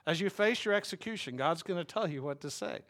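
A man's voice: on the high side, animated, brisk, a bit bright. A man preaching a sermon as a pastor, talking in a wry, conversational way and putting questions to his listeners.

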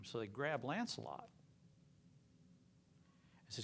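Male preacher, gravelly mid-pitched voice, earnest sermon delivery. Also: sing-song, moderate pace, pauses often. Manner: earnest, dropping to a hushed whisper at emotional moments. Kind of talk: sermon storytelling.

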